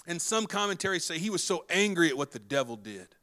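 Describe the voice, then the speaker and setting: A man preaching a sermon with an animated delivery, swinging between loud and soft and fast and slow, and acting out dialogue. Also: a little high. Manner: animated, wide swings in loudness and pace; acts out quoted dialogue. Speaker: pastor.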